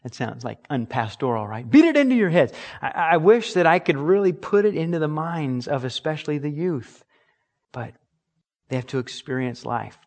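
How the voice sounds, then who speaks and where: An earnest male pastor delivers a sermon with emphatic conviction. His voice sits a little higher than most men's. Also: lively intonation, moderate pace. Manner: earnest, emphatic preaching with acted-out examples.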